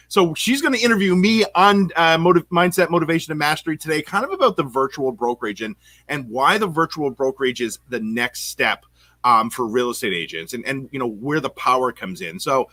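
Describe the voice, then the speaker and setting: A man from Canada hosting a casual podcast, talking in an excitable, rambling way with many fillers and restarts. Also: mid-range voice, a little fast, no echo. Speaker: podcast host and real estate coach.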